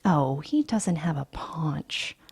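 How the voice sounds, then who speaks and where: A woman voicing a sharp, petulant young socialite with a breathy, sing-song delivery in an audiobook reading. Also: low voice, big pitch swings, slow, full character voice. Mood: snippy. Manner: snippy and dismissive.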